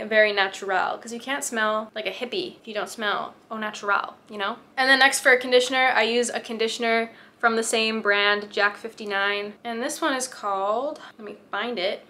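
A bubbly young woman vlogging straight to camera with a bright, slightly high voice. She chats in a casual, giggly way. Her tone stays friendly and easy. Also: slight background noise. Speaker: beauty vlogger. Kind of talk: casual vlog chat to camera.

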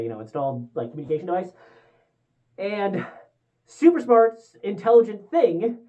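A woman's voice: medium pitch, phone-quality sound. A young woman giving a casual movie review, rambling and candid with many fillers and restarts. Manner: rambling and candid, with frequent fillers and self-corrections.

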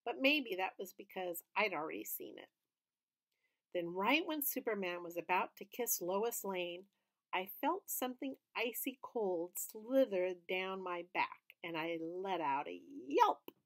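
A woman's voice: mid-range voice, lively intonation, a little slow. Woman reading a children's book aloud. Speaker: storybook reader.

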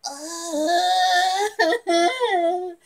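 A young woman reacting to a movie trailer in a giggly, excitable way, bursting into shouts of delight. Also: extremely high pitch, very slow, faint music behind.

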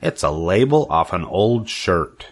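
A man's voice: sits low, expressive, a little slow. An older man voicing a grumpy, greedy male rat who answers in sarcastic grumbles in a storybook reading. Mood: grumbling.

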